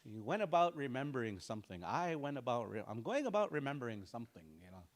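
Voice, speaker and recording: A man's voice: mid-range voice, big pitch swings, quick pace. A man teaching a language class, repeating words and explaining them with examples.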